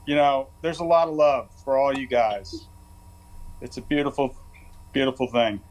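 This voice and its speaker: A man's voice: medium pitch, moderate pace, low-quality recording. A man, the show's producer, gushing with earnest-sounding praise in comic banter. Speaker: show producer.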